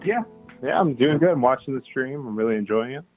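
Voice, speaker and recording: A man calling in to a show and talking in a flat, unbothered, deadpan way. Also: mid-range voice, fast. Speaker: caller. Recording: phone-like lo-fi sound with faint music.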